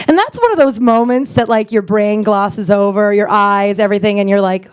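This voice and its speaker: A woman's voice: mid-range voice, moderate pace, few pauses, smooth. A woman in her forties doing a stand-up set, chatty and self-mocking, laughing often as she talks. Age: 40s. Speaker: stand-up comedian. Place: comedy club main room.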